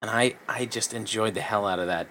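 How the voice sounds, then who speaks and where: A man's voice: on the low side, fairly quick, bright, forceful tone, a little hiss or hum. A man co-hosting a casual podcast, laid-back, with laughing asides. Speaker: podcast co-host. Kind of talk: casual chat.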